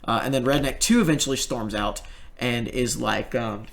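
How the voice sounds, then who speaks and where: A man's voice: mid-range voice, normal speed, creaky. A young man telling a story in casual commentary, rambling and swearing, with many fillers and restarts.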